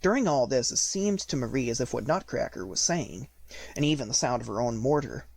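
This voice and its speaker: A man narrating an audiobook of a classic fairy tale at a steady, measured pace. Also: mid-range voice. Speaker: audiobook reader. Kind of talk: storybook narration.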